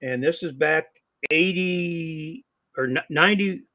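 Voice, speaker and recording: A man's voice: fairly high pitch, slow. An older man, a longtime wrestling promoter, telling anecdotes on a podcast and acting out the dialogue as he goes. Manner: animated storyteller who acts out quoted dialogue. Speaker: guest, longtime wrestling promoter and ring announcer. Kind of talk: casual podcast storytelling.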